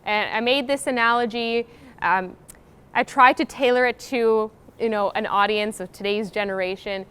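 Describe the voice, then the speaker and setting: A woman's voice: on the high side, moderate pace, a bit bright, clean tone. A young woman co-presenting a university workshop, explaining in a casual, sort-of-filled way. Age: young adult. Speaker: graduate student co-presenter.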